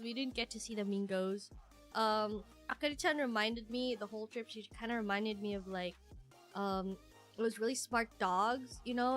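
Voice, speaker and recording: A woman's voice: mid-range voice, a bit bright. A woman live streamer chatting casually with her viewers, giggly and playful, teasing the chat and laughing often. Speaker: live streamer reading super chats.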